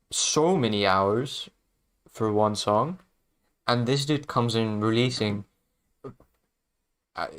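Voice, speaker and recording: A man's voice: mid-range voice, fairly bright tone. A man chatting casually on his livestream as a music producer, laid-back and chuckling often, trailing off mid-sentence.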